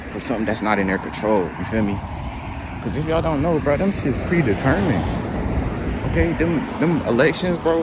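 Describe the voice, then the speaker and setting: A man's voice: medium pitch, background noise. A man vlogging casual commentary, slangy and rambling, repeating his fillers.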